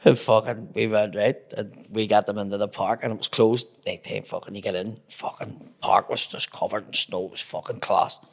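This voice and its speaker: A man's voice: fairly low pitch, fairly even intonation, normal speed, vocal fry, hardly any pauses. A man with a Belfast accent, a comedian guest telling swear-laden stories in casual chat. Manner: swears constantly, acts out voices in anecdotes.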